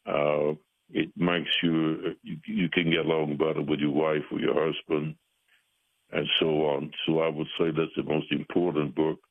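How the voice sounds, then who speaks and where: Super deep husky pastor guy on a tinny phone line, earnest, lots of uhs. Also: level tone, dry recording. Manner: earnest, halting with many fillers. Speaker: pastor and author, guest. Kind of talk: radio call-in conversation. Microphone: telephone.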